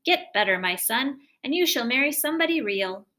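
A woman reading a storybook and voicing a blustering, easily startled old king with loud exclamations. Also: sits high, lively intonation, moderate pace.

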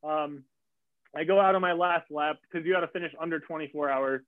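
A man's voice: brisk, no room sound. Guy telling a race story, voice jumps all over, dry and phone-like. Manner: animated, acts out quotes with big pitch jumps. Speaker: guest athlete. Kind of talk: casual storytelling. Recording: tinny phone-like line.

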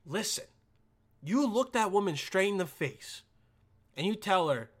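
A man's voice: high voice, expressive, a little slow, husky. A young man ranting casually and profanely, stumbling over repeated words and checking "all right?" after every point. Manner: stumbling repetitions.

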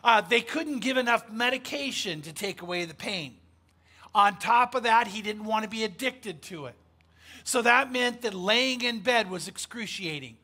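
A man's voice: sits high, animated, normal speed, bright, forceful tone. A man preaching a sermon, telling a story in an emphatic, conversational way with frequent fillers. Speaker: pastor.

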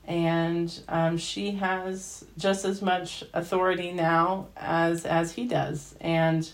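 Brief: female podcast host, low voice, unhurried, emotional film recap. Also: level tone. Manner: emotional, gushing, slow and deliberate. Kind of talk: casual film review monologue.

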